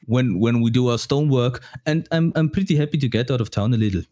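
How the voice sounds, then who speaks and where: A man's voice: mid-range voice, quick pace, mellow, natural voice. A man voicing a nervous male wagon driver from a stone quarry, his put-on accent drifting from one to another. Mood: uneasy.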